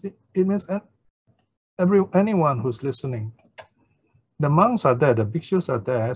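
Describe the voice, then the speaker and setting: Husky man teaching a dharma class. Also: medium pitch, darkish tone, highs cut off. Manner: explains slowly, asks listeners "right?" and "eh?". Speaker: Buddhist teacher.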